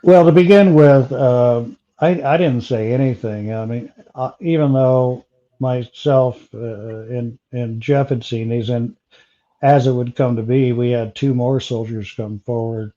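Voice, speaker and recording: A man telling an interviewer about a personal encounter, pausing often with fillers and restarts. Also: mid-range voice, mellow, lo-fi sound. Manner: halting, many fillers and restarts. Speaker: interview guest.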